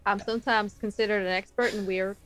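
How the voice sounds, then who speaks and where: A woman's voice: mid-range voice, fairly even intonation, fairly quick, a bit bright, natural voice. A woman playing a wry adventurer in a tabletop game, speaking in a dry, teasing way. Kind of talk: in-character tabletop roleplay.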